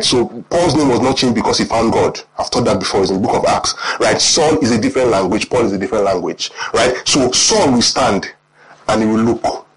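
Animated Nigerian preacher, lively pitch. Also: male voice, poor audio. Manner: animated, quizzing the congregation. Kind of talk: sermon.

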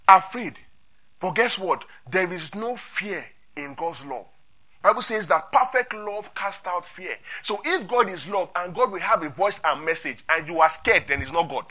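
A man's voice: sits high, animated, normal speed, sharp tone. A man preaching an interactive Bible sermon, asking his congregation questions and repeating key points.

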